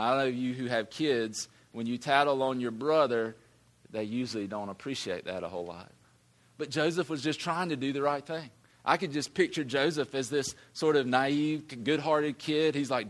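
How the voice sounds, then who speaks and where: Emphatic pastor preaching. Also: male voice, medium pitch. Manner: conversational, emphatic preaching with repeated words. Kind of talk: sermon.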